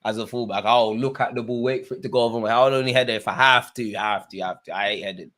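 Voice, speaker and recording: A man hosting a live football watch-along, chatting to viewers and shouting at players and the referee. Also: medium pitch, quick pace. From Eritrean heritage. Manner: excitable, shouts at players and ref; chatty, joking asides. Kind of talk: live match commentary to viewers.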